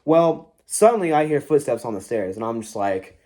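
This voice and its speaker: A young man telling a spooky story from his own life, rambling and swearing freely. His voice sits at an ordinary middle pitch. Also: normal speed. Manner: profane, rambling, animated. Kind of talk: casual storytelling to camera.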